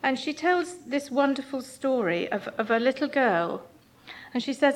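A woman's voice: high-pitched, animated, normal speed. Earnest woman giving a sermon. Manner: earnest, gentle, reads passages aloud. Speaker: church speaker.

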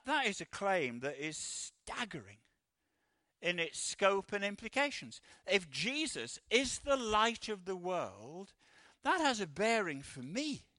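A man's voice: sits high, sharp tone, no echo. A man preaching a sermon after reading scripture aloud, emphatic, often repeating words as he goes.

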